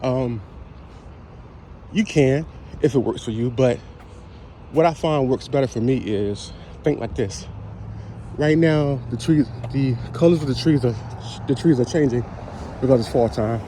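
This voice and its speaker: A man's voice: medium pitch, unhurried, long pauses, dark tone, slight background noise. A man giving an upbeat, encouraging wellness vlog to his viewers while walking outdoors. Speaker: health and wellness vlogger. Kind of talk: casual motivational vlog. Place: outdoors, walking on a route with trees.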